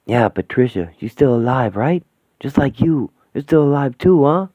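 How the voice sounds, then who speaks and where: A man voicing a gruff, slangy ghost father in a radio play. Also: lively intonation, normal speed, mellow, no echo, close to an everyday voice. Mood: grave. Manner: rough slangy talk, lowered gruff voice. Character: ghostly street-tough father, gruff and tender. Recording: thin phone-like, dry sound.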